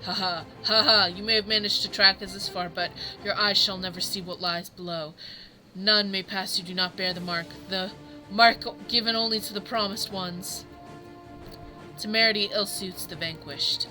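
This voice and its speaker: A woman's voice: mid-range voice, fairly even intonation, normal speed, pushed and bright, soft background music, rough recording. A woman reading aloud a dying male cultist soldier from a game, cackling with theatrical gloating.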